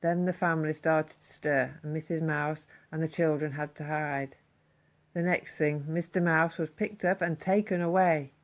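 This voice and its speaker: A woman reading a children's story aloud, expressive and slowing down for emphasis. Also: deep voice.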